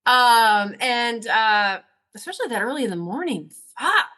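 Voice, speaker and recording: A talkative woman hosting a podcast, her voice bright and forceful and sitting a little high. She tells rambling stories in casual chat and swears freely as she goes. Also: a little slow. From Northern New York. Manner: rambling, swearing, animated storytelling. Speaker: podcast host.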